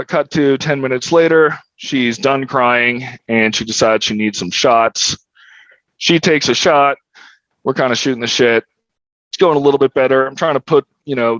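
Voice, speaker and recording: A man's voice: medium pitch, a bit bright, smooth, no echo, lo-fi sound. A young man, a podcast guest, telling a story in a candid, profane, wry way. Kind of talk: casual storytelling.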